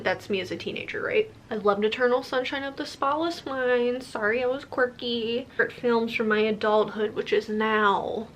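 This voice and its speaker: A woman's voice: medium pitch, vocal fry, fairly bright tone, slight background noise. Gushing young woman book vlogger. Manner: chatty and gushing, quick asides. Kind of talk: casual vlog Q&A and book unboxing.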